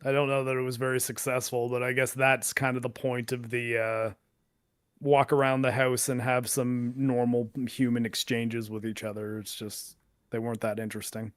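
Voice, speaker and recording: A man of middle pitch speaks as a guest on a gaming podcast, on a close, dry recording. He talks in a relaxed, thoughtful way, working through ideas as he goes. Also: normal speed, clear, resonant tone, no echo. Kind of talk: casual gaming chat.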